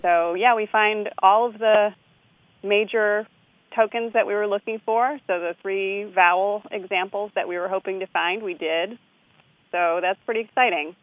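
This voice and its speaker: A linguist calmly breaking down vowel pronunciations in recorded speech. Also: medium pitch, normal speed. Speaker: linguist analyzing accent recordings. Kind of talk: explanatory commentary. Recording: tinny phone line.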